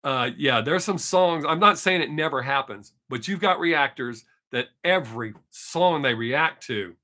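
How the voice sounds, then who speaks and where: A man's voice: on the high side, expressive, unhurried, pushed and bright. A man who hosts music reaction videos, talking casually and bluntly to his viewers. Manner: candid and blunt, speaks his mind. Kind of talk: casual chat to camera.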